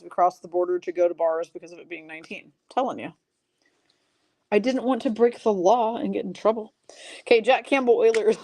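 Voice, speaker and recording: Hosting a live card break stream, this Michigan woman speaks at medium pitch with a somewhat dark tone. Her style is talkative and self-deprecating, and she fires off names rapidly.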